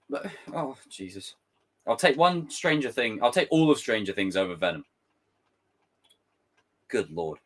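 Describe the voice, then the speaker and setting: This live streamer, a man, reads his chat aloud in a casual way, breaking into exasperated, animated rants laced with swearing. His mid-range voice moves a little slowly, with long pauses.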